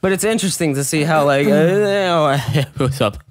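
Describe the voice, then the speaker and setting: A man's voice: on the high side, unhurried, dry recording. A man co-hosting a casual podcast, cracking goofy jokes and laughing often. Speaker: podcast co-host. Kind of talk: casual live-stream podcast chat.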